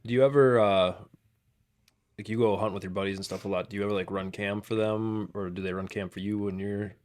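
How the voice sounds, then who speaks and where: A man's voice: on the low side, steady tone, fairly quick, darkish tone. A man hosting a podcast, an easygoing listener who encourages his guest and asks casual questions. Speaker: podcast host.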